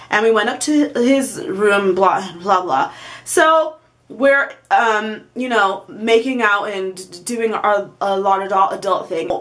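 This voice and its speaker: A woman's voice: a little high, fairly bright tone. Chatty, self-mocking young woman vlogger. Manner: chatty, rambling, self-deprecating, with lots of fillers; swings into quoted voices and laughs. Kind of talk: candid confessional vlog.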